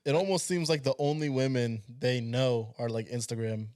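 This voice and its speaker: A young man in a casual podcast conversation, talking in a relaxed, easygoing way and often chiming in to agree. His voice is mid-pitched and ordinary, with nothing strained about it. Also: moderate pace. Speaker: podcast co-host.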